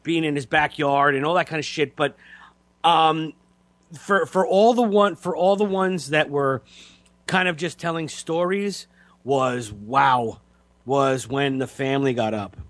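Halting, reflective man, slightly high voice. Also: fairly bright tone, no room sound. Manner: halting, repeating words, reflective. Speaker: radio show co-host. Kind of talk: casual podcast chat.

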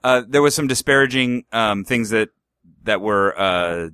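A man's voice: on the low side, unhurried, pushed and bright, smooth, dry recording, studio quality. A man co-hosting a podcast, telling a story casually with many fillers and frequent laughter. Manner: storytelling, uses lots of fillers like 'um' and 'like', laughs often. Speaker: podcast co-host. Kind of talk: casual comedic chat.

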